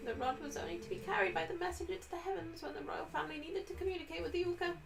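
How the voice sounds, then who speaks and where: Lady reading an old village lorekeeper from a game, high and solemn, far off mic, loud music. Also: very fast, gravelly. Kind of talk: reading game dialogue aloud.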